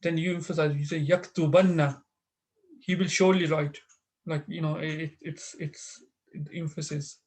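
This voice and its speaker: Over a video call, a man teaches an online Arabic class, patiently explaining grammar with many pauses, fillers, and restarts. His voice is on the high side and level in tone.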